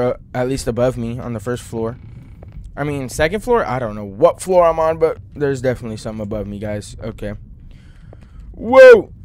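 A man's voice: mid-range voice, slight background noise. A young man commenting on a horror game, talking to viewers and yelping when startled. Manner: jumpy, talks to viewers, yelps when startled. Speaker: gaming channel host.

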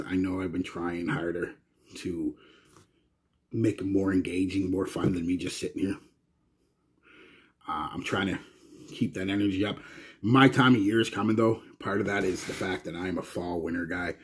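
A Canadian man talks casually to his viewers, wandering through his thoughts with plenty of restarts. His voice sits very low with a husky, breathy edge. The delivery is loose, chatty vlog talk. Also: normal speed. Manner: rambling and chatty, with frequent restarts. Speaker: fragrance reviewer.

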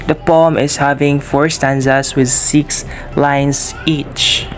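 A young man speaks in a slightly high voice, slowly and evenly, barely moving in pitch. He sounds like a student reading a class presentation with care. Faint music plays behind him. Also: flat delivery. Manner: slow, careful and read-out.

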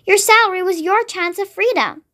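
Clever little girl in a storybook, high and eager, a woman puts her on. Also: normal speed, a bit bright. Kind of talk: read-aloud storybook acting.

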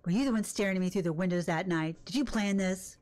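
A woman's voice: lowish voice, quick pace, a little mellow, soft background music. An older woman hosting a gaming video, chatting casually and reacting emotionally as she plays. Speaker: gaming channel host. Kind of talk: casual let's-play commentary.

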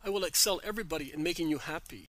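A man's voice: a little high, racing, fairly bright tone, no echo, natural voice, low-quality recording. A man voicing a boastful young Roman who coaxes and brags, in a read-aloud story. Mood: coaxing. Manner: boastful, coaxing.

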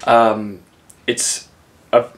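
A man's voice: medium pitch, level tone, drawn-out words. A man co-hosting a casual chat vlog, talking with frequent fillers and restarts. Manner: hesitant, many fillers and restarts. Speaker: vlog co-host.

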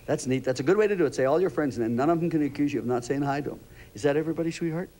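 An older man hosting a children's TV show, gently interviewing young kids in a chatty, rambling, fatherly way. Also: on the high side, very fast.

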